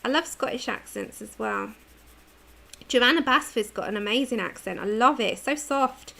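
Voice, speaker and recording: Woman streamer with a british accent, chatty and laughing a lot, kinda high voice with gravel in it. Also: normal speed, a bit bright. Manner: chatty, laughs often, answers viewer comments. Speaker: livestream host. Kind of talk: casual chat while colouring live.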